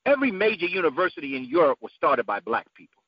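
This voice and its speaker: A man giving an emphatic, preacherly talk whose voice climbs to high peaks. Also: big pitch swings, fast, breathy edge, no echo. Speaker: guest speaker. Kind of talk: impassioned lecture-style talk. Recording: dull lo-fi dry sound.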